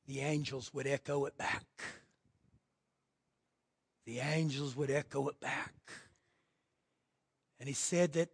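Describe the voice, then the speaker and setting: A man pastor preaching a fervent sermon, swinging from shouts to hushed asides. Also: a little high. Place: church sanctuary.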